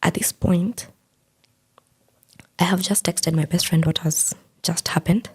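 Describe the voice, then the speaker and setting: A woman's voice: fairly low pitch, fairly even intonation, unhurried, darkish tone, slightly rough. A young woman earnestly recounting a painful personal story, quoting what others said to her. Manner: earnest, quotes others' words as she tells it. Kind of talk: personal account in an interview.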